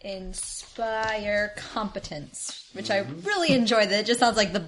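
A woman's voice: a little high, big pitch swings, fast talker, fairly bright tone. A woman playing a tabletop game, explaining her character's abilities and correcting herself as she goes. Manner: self-correcting, chatty rule explanations. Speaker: player. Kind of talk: casual tabletop game play.

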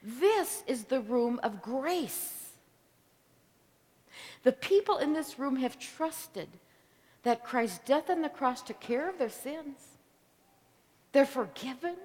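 A woman preaches with a slightly high voice, slow and deliberate, letting each phrase land. She swings from loud declarations down to near whispers for effect. Her voice rings with the long reverb of a large hall. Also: animated. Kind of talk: sermon storytelling.

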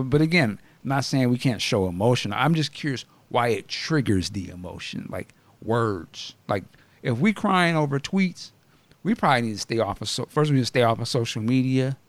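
A man's voice: medium pitch, no room sound. Guy hosting a podcast, talks blunt and fired up, laughs a lot, dry close sound. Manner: animated, blunt, laughs often, questioning. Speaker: podcast host. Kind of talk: casual chat.

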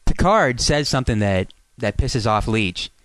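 Lively joking man in casual chat. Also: mid-range voice, measured pace, dry recording.

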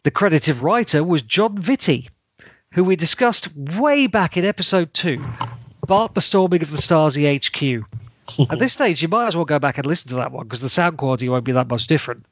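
A man recaps an episode in a semi-deadpan, dry-witted way, his pitch bouncing around freely. His voice sits a touch high for a man. The sound is dry and close, with a dull, lo-fi tone. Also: brisk, no room sound. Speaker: podcast host.

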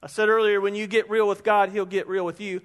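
A man, preaching an animated sermon that rises into shouts. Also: sits high, fast talker. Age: 50s. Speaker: pastor. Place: church sanctuary. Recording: long reverb of a large hall.

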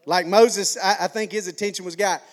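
A man's voice: high voice, fairly even intonation, a little fast. A male pastor preaching a sermon in a folksy, conversational way, repeating phrases for emphasis.

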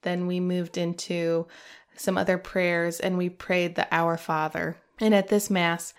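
A woman's voice: fairly low pitch, little pitch movement, unhurried, clear, resonant tone. A middle-aged woman hosting a podcast, telling a personal faith story in a heartfelt way, emotional at times and laughing through tears. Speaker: podcast host.

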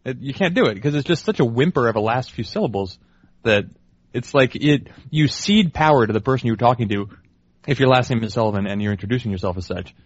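A man's voice: mid-range voice, lively intonation, fast talker, no room sound, highs cut off. A young man riffing in casual banter, dry and wry, his jokes tangling into long rambles.

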